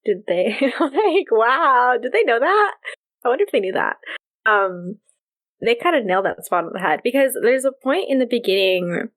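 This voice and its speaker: A young woman co-hosting a podcast in casual chat, animated and laughing often as she acts out what characters say. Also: a little high, moderate pace. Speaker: podcast co-host.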